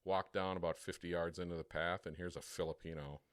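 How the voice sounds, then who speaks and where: A man co-hosting a podcast, telling a crude, profane story with plenty of swearing and quick imitations of other people. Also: low-pitched, level tone, dry recording, clean studio sound. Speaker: podcast co-host. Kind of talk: casual storytelling chat.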